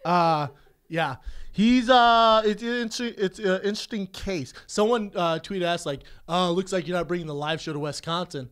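A man's voice: sits high, moderate pace, fairly bright tone, smooth. A man in his thirties co-hosting a podcast, blunt and joking, swearing freely in casual chat. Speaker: podcast co-host.

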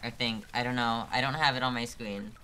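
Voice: medium pitch, fairly even intonation, fairly quick, bright, forceful tone, slight background noise. A live streamer commenting on a hard climbing game, exasperated and self-mocking, joking about being about to cry.

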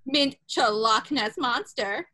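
A woman's voice: fairly high pitch, takes it slowly, sharp tone, heavily acted. A woman in a sketch comedy parody, playing a gushing big-cat sanctuary owner with a bubbly, singsong voice.

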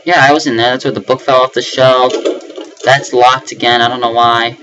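A man's voice: medium pitch, little pitch movement, normal speed, bright, forceful tone, highs cut off, slight background noise. A young man giving nervous running commentary on a horror game, breaking into panicked repeated words and yelps. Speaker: let's play gamer.

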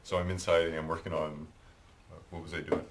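A man's voice: a bass voice, level tone, fairly quick, noisy background. A middle-aged Canadian man with a Canadian accent, telling a rambling, chatty story while painting at home, tagging his lines with "eh". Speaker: hobby painter and video maker.

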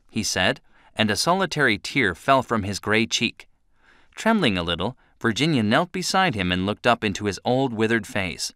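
Low-voiced man telling a kids' story. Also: sing-song, moderate pace, sharp tone, dry recording, studio quality. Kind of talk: scripted narration of a children's story.

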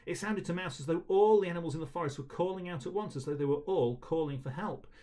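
A man's voice: a little high, fast, dark tone. A man leading a school assembly, reading a children's story aloud and encouraging the children afterwards.

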